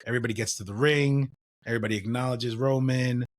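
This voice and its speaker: A man co-hosting a podcast, running through wrestling matches in a loose, casual play-by-play with fillers and quick asides. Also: medium pitch, steady tone. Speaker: podcast co-host. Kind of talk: casual wrestling recap chat.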